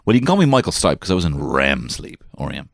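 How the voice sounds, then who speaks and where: A man with a very deep, gravelly voice, recorded close and dry. He rambles through a comic story, swearing freely and laughing at himself. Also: sing-song, rapid-fire, no echo. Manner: swearing, self-mocking, jumps between put-on voices. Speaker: comedian podcast host. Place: small garden shed.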